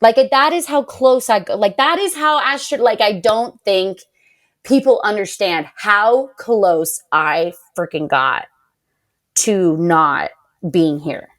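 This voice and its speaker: A young woman, a podcast guest and patient advocate, telling a personal story with feeling, lots of "like", and lively quoted voices. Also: medium pitch, takes it slowly. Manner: animated, heavy use of "like", quotes others in raised voice.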